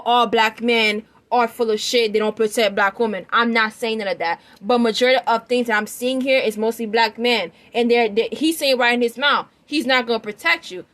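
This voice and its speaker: A woman's voice: fairly high pitch, a bit bright. A woman giving her opinion in a rambling, emphatic vlog, often checking that the listener follows her. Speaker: vlogger. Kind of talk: opinion commentary.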